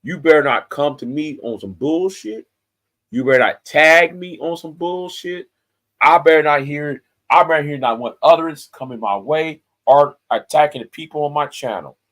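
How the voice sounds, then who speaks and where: A man's voice: fairly high pitch, normal speed, a bit bright. Man ranting angrily at rivals. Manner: confrontational, threatening, profane, repeats himself. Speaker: YouTube commentator. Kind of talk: angry direct-to-camera rant.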